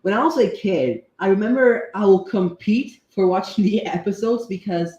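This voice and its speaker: A man's voice: high-pitched, lively intonation, moderate pace, a little mellow, lo-fi sound. A young man hosting a stream, chatting casually and hesitantly with lots of fillers. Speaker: stream host. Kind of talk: casual chat about cartoons and games. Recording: echoey room.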